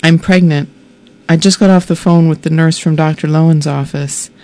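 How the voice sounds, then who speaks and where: A woman's voice: low voice, moderate pace. A woman author reading aloud from her own memoir, telling the story wryly and voicing the dialogue. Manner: wry, expressive storytelling with voiced dialogue.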